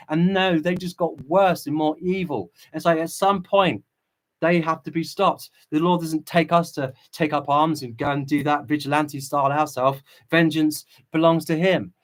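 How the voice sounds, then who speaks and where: A man's voice: a little high, fairly even intonation, moderate pace. A man hosting a livestream, reading viewer chat and preaching with impassioned fervor. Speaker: channel host.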